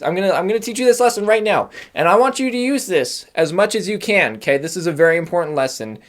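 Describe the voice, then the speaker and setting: Young man, stand-up comedy monologue, rambling, self-mocking, laughs at own jokes, slightly high voice.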